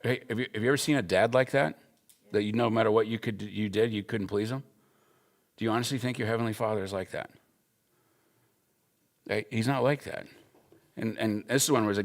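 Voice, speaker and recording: A man in his forties with a low, gravelly voice gives a Bible school teaching. He talks in a casual, earnest way, leaning hard on his points and weaving in stories from his own life. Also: brisk, pauses often. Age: 40s. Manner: earnest, emphatic, with personal stories. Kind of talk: conversational teaching talk.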